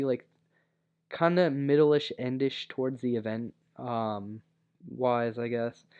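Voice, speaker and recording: A man's voice: mid-range voice, a little mellow, smooth. A young man casually telling a personal story, rambling with many fillers and restarts. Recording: dull lo-fi recording.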